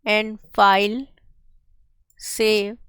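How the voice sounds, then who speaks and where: A woman teaching a coding tutorial, explaining each step slowly and carefully. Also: medium pitch, little pitch movement, fairly bright tone, clean tone, no echo. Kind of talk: screen-share coding tutorial.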